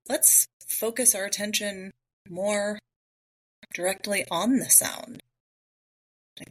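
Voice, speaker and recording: Woman, low voice, bright tone, solo podcast host, conversational, rhetorical questions. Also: rough recording. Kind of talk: solo reflective talk on mindfulness.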